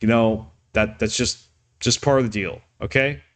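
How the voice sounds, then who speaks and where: A man talking off the cuff on his live stream, ranting and yelling at times, with many restarts and fillers. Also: medium pitch, steady tone, normal speed.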